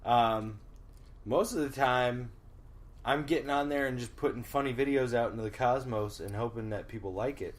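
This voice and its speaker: A man in his thirties who co-hosts a podcast. He rambles through a casual chat, swears freely, laughs often and clears his throat. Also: mid-range voice, normal speed. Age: 30s. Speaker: podcast co-host.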